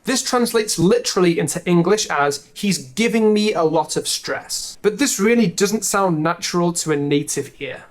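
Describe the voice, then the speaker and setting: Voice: medium pitch, expressive, moderate pace, few pauses. Dry-humored English teacher explaining phrases. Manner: dry, joking asides. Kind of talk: explaining a language lesson to camera.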